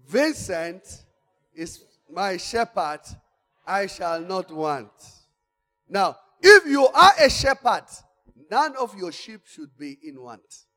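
A man preaching a sermon, swinging from quiet asides to shouted exhortation. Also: a little high. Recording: long church-hall reverb.

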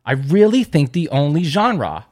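A man's voice: fairly high pitch, very animated, a little slow, a little mellow. A man co-hosting a podcast in casual chat, teasing his co-host and laughing often.

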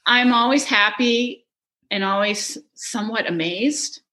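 A middle-aged woman chatting in an interview, telling animated stories, laughing often and quoting people. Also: a little high, measured pace. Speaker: guest, touring production manager. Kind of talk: casual interview chat.

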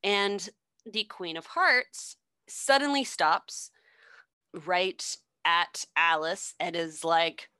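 Casual co-host, woman, slow loose storytelling, bright tone, swears freely. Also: on the low side, smooth, no room sound. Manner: unhurried, loose, swearing, filler-heavy. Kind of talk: casual chat retelling a story.

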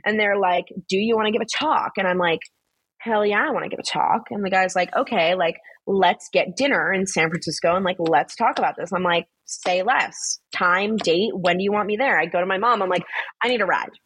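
A young woman in a casual podcast chat, talking in a blunt, animated way with a husky edge to her voice. She swears freely and fills her talk with "like," and the recording is dry and close. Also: mid-range voice, a little fast, no room sound. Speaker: guest, social media influencer.

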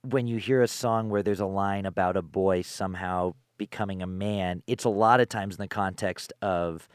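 A man's voice: deep voice, fairly even intonation, moderate pace, clear, resonant tone, dry recording, clean studio sound. A man interviewing a songwriter, talking things through thoughtfully with many "you know"s. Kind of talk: casual interview chat.

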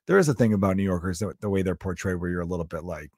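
A man's voice: sits low, very fast, darkish tone, dry recording. A man in his thirties hosting a podcast, rambling and joking in a casual monologue, swearing freely. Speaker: podcast host.

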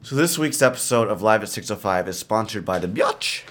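A man's voice: on the low side, expressive, a little fast, fairly bright tone. Man rambling through a story. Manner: rambling storyteller, frequent fillers and restarts. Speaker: podcast co-host. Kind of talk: casual chat.

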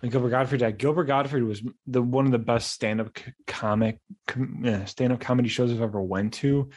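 A young man hosting a podcast, telling casual stories in a rambling, animated way with frequent restarts. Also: medium pitch, a little fast. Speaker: podcast host. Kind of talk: casual monologue.

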